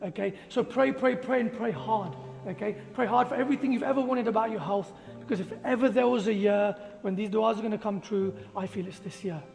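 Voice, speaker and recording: A man's voice: high voice, a little fast, gravelly, darkish tone. A man giving a motivational talk to a group, emphatic and firing rhetorical questions. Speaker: motivational speaker. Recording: echoey hall with faint music.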